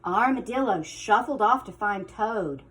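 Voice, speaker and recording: A woman teacher reading a picture book aloud to children, with expressive storytelling and hushed asides. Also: medium pitch, measured pace, a little hiss or hum.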